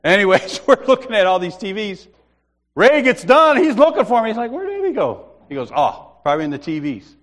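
Male preacher, higher voice, lively, comic storytelling sermon. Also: brisk. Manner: animated storyteller, acts out voices, laughs often.

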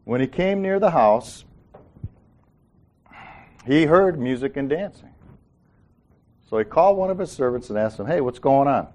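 A man's voice: on the high side, expressive, unhurried, long pauses, darkish tone. Man, Bible study leader, folksy, joking, informal teaching. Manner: folksy, joking, acts out quotes.

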